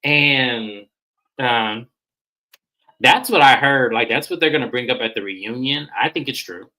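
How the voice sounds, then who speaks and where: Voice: mid-range voice, a little slow, pushed and bright, rough recording. A vlogger giving a casual, slangy recap of a reality TV episode, acting out what the cast said. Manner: chatty, acts out quoted lines in shifting voices; slangy, informal phrasing. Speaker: recap reviewer.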